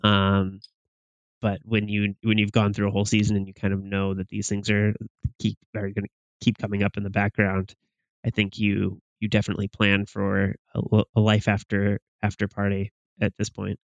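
A man co-hosting a podcast, giving halting opinions on football with many restarts. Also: on the low side, no echo, dull audio. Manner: halting, restarts often, flat delivery. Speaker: podcast co-host. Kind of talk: casual sports chat.

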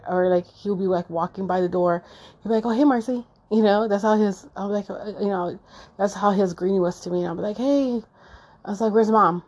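A middle-aged woman talking unscripted and emotionally, halting with many fillers and restarts, choked up and near tears. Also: mid-range voice, warm tone. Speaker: podcast host. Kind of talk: unscripted personal monologue.

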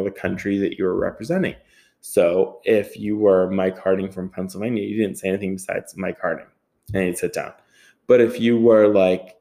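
A man in his thirties with a fairly low voice hosts a podcast solo. He rambles through a casual story, full of "like", swearing and laughing along the way. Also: a little mellow. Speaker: podcast host.

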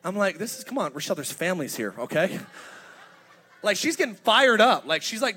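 A pastor in his thirties delivers an energetic, humorous sermon that builds to emphatic points. His voice is high-pitched and brisk, with a breathy edge.

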